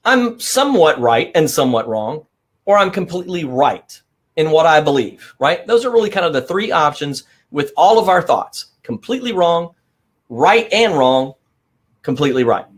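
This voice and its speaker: Middle-aged guy doing a pep-talk livestream, punchy, keeps saying right?, voice a bit on the high side. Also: moderate pace. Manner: energetic, emphatic, repeats points with "right?". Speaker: live stream host. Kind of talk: motivational live stream talk.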